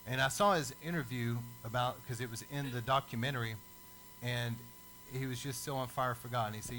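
A man preaching a sermon as a lively storyteller who acts out the people in his stories. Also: mid-range voice, fairly quick, slight background noise, rough recording.

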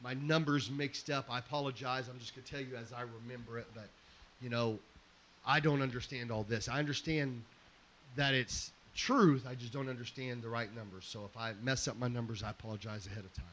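A man's voice: medium pitch, steady tone, fairly quick, fairly bright tone, a little hiss or hum. A middle-aged man preaching, telling a story conversationally with fillers and restarts. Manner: conversational, fillers and self-corrections. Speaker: pastor. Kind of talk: storytelling sermon.

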